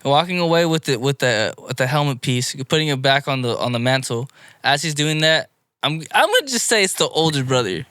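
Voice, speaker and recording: Guy rambling through an anime recap, bright clear voice, dry close sound. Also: medium pitch, fairly quick, no room sound. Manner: rambling, animated play-by-play with frequent restarts. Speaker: podcast co-host. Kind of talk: casual chat recapping anime episodes.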